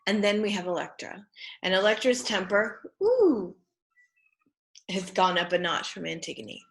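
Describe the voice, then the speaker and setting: A woman's voice: mid-range voice, steady tone, normal speed, gravelly, a bit bright. A woman teacher talking through a play in class, hesitant and thinking aloud with many fillers. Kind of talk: classroom lecture.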